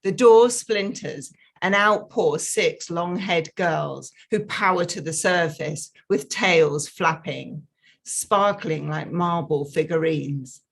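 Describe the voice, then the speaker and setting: A woman reading her own flash fiction aloud, slow and measured. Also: lowish voice, creaky. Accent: non-local accent.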